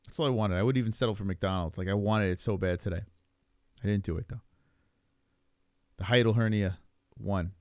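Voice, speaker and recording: A man in his forties with a New York accent, rambling and swearing in casual live stream chat while high, chuckling often. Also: brisk, pauses often, a little mellow, dry recording, studio quality. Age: 40s.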